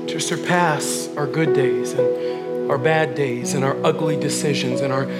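A male pastor in his forties preaching a sermon, conversational and animated, swinging from hushed moments to loud ones. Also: medium pitch, unhurried, over loud music.

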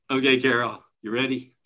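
Relaxed man leading a spiritual study group. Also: mid-range voice. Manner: relaxed, chuckling, conversational. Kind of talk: casual spiritual teaching. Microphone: video call.

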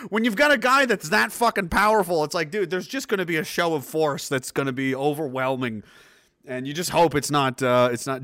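A man in his thirties from New Brunswick talks casually to his stream chat, animated and at normal speed, in a bright, forceful voice whose pitch swings widely. He rambles through a profane story, restarting sentences repeatedly, recorded close and dry with no room echo.

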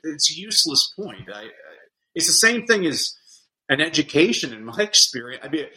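A man talking as a guest on a podcast, telling lively classroom stories and acting out the kids' voices. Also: on the high side, low-quality recording. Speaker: guest educator. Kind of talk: casual podcast chat.

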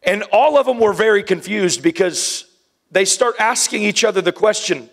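Male preacher, somewhat high voice, lively storytelling sermon with acted voices and whispers. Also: moderate pace, creaky. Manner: animated, acts out Bible scenes in voices and whispers.

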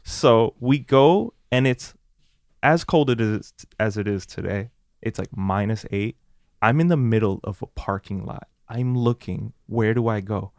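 A young man co-hosting a podcast, telling a story in lively casual chat and acting out the quotes. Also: lowish voice, a little slow, dry recording, clean studio sound. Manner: animated storyteller, acts out quotes. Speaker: podcast co-host.

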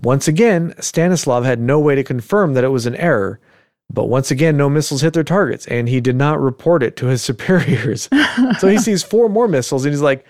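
Male podcast host, casual storyteller with a joking manner, mid-pitched voice, dry close sound. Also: expressive, a little fast, a little mellow, no room sound. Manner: joking, chuckles often, conversational asides.

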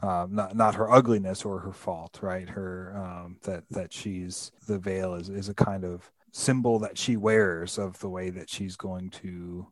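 Male podcast host, low voice, thoughtful and halting, dry recording. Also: flat delivery, dry recording. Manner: thoughtful, many fillers and restarts. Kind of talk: casual book discussion.

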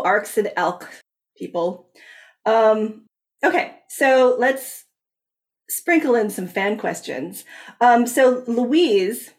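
A woman hosting a podcast in casual chat, talking in quick bursts and laughing often mid-sentence. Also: fairly high pitch. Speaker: podcast host and author.

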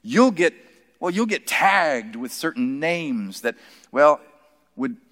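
A man's voice: on the high side, very animated, takes it slowly, a bit bright, full character voice. A man voicing a male tax collector who objects in hesitant, flustered bursts, heard with long hall reverb.

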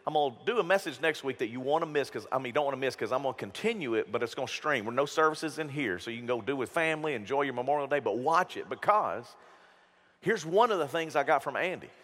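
A man preaching a sermon as pastor, emphatic and animated, with jokes and stories. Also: mid-range voice, fast, big-room sound. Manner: animated, emphatic, joking storyteller.

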